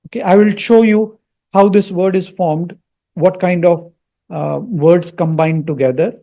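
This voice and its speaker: A man teaching the meaning of a Sanskrit mantra, slowly repeating each word for learners. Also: high voice, fairly even intonation, mellow, muffled recording. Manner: slow, repeats words for learners.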